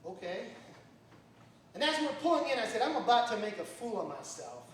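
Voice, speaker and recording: A man's voice: fairly quick, a little hiss or hum. Wry man doing stand-up in a bar. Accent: Southern American. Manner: wry storytelling with lively swings in pitch. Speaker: stand-up comic. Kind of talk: open mic stand-up. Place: bar at open mic night. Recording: echoey bar recorded from far off.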